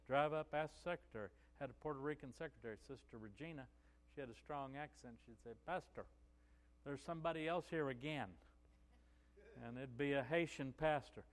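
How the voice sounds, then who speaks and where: A man's voice: mid-range voice, brisk. Pastor man preaching in a reverberant hall. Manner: conversational storytelling, many "you know" asides. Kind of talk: sermon.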